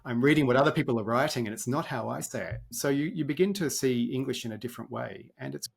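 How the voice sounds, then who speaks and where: A man with an Australian accent giving a thoughtful interview answer, pausing with ums. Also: mid-range voice, creaky, slightly rough. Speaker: guest expert.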